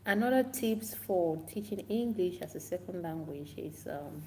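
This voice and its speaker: A woman English teacher giving casual tips to camera, unhurried and repetitive, acting out classroom chants aloud. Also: fairly low pitch, animated, warm tone, a little hiss or hum.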